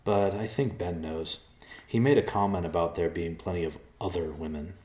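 A man's voice: low-pitched, moderate pace, darkish tone, natural voice. A man voicing a thoughtful young human man who reasons things out. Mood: earnest. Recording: roomy echo.

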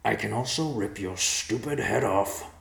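A man's voice: fairly low pitch, unhurried, crowd noise, pitched above the performer's own voice. A man voicing a blunt, grumpy male bear who complains and mutters. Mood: calling out. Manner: gruff, complaining. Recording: roomy echo.

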